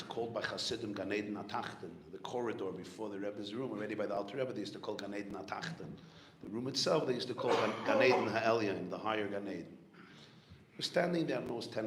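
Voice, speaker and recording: A rabbi from Brooklyn, New York, gives a farbrengen talk, an animated storytelling sermon sprinkled with Hebrew and Yiddish terms. His male voice is fairly low. The recording comes from a large, echoey room at a gathering, with faint background noise.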